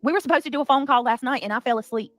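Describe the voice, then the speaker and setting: A woman hosting a heated livestream, talking fast and defensively with many restarts. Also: high-pitched, dry recording. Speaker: livestream commentary host. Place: home.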